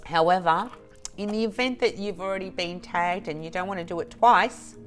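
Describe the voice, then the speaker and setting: A woman vlogger chatting to camera, slow and halting with restarts and soft laughs, teary and emotional. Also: lowish voice, soft background music. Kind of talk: emotional casual chat to camera.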